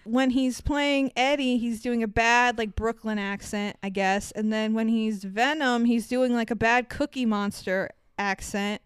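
Podcast co-host, woman, profane and animated, a bit high, crisp dry recording. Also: measured pace, hardly any pauses, dry recording. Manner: profane, animated storytelling with mock quotes. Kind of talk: casual chat.

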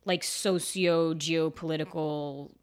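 A woman's voice: slow pace, clean tone. A woman actor chatting in an interview, telling stories animatedly and using many "like" fillers. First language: bilingual in Spanish. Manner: animated storyteller, acts out quoted exchanges with big pitch jumps; filler-heavy, lots of "like". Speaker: actor guest. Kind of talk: casual interview chat.

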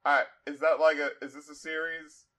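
A man hosting a casual album review podcast, animated and profane, quoting lyrics aloud and laughing often. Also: fairly high pitch, moderate pace.

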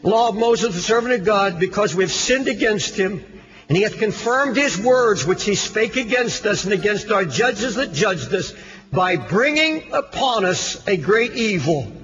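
A man preaching an impassioned sermon, firing rhetorical questions and swinging from loud cries to hushed tones. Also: high voice, lively intonation, a little slow. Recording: dull lo-fi archive sermon recording with faint music.

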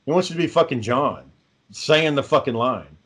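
A man's voice: medium pitch, lively intonation, moderate pace. A man who hosts the podcast and makes indie films, talking in a laid-back casual chat and swearing constantly. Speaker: podcast host and indie filmmaker.

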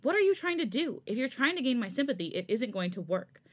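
A woman's voice: a little high, very animated, fast talker, pitched above the performer's own voice. A woman voicing an angry, protective young man in a fanfic reading, demanding answers and cursing. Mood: furious. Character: furious protective young man confronting a rival.

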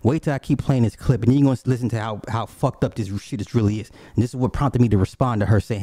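A man hosts a podcast with a mellow, dark voice. He tells blunt, profane stories and keeps breaking off into asides. The sound is close and dry, with no room echo. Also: medium pitch, quick pace, hardly any pauses. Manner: blunt, animated storytelling with frequent asides. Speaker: podcast host. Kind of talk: casual profane commentary.

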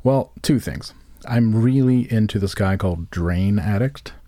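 Male podcast host, low warm tone, loose chatty storyteller. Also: a little slow, no room sound. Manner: rambling storyteller who acts out others' lines. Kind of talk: casual chat.

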